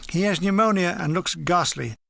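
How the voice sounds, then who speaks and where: High-voiced man reading a wry memoir. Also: moderate pace, creaky, sharp tone, dry recording. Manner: dry comic timing, shifting voices for dialogue. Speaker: audiobook reader.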